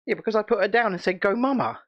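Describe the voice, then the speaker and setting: A man's voice: sits high, fairly even intonation, very fast, dull audio. A British man hosting a casual livestream chat, chatty and rambling, and laughing often. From United Kingdom. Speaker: channel host.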